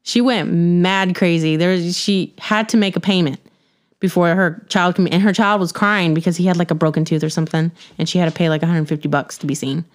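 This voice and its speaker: A woman's voice: fairly low pitch, steady tone, fairly quick. A middle-aged woman hosting a casual podcast chat, ranting bluntly and laughing often. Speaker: podcast host.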